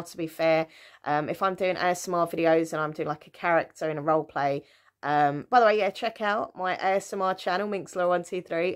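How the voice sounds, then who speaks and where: A woman, chatting casually and laughing at herself as she tells childhood stories to camera. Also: lowish voice. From England. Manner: chatty, giggly, self-mocking, many fillers. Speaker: vlogger. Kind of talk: casual storytime chat.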